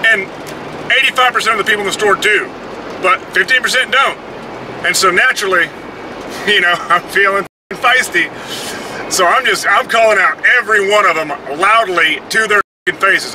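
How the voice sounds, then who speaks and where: A man's voice: sits high, normal speed. Profane man ranting over road noise. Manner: profane, blunt, heated storytelling. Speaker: vlogger. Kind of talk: casual ranting monologue. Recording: noisy, with vehicle and traffic sounds.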